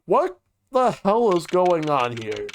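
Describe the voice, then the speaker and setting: Male streamer, slightly high voice, reads game dialogue aloud with voices; faint music behind. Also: huge pitch swings, slow pace. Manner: voices each character, drops into casual asides.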